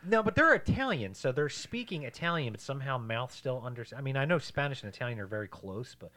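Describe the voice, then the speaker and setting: Podcast co-host, male, mid-pitched, explains movie trivia casually, swears, does loud impressions. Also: big pitch swings, fast talker. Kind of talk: casual movie recap chat.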